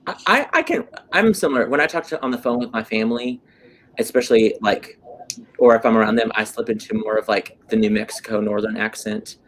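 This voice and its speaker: A man hosting a casual chat, lively and talkative, quick to jump in. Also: on the low side, slight background noise. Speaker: host.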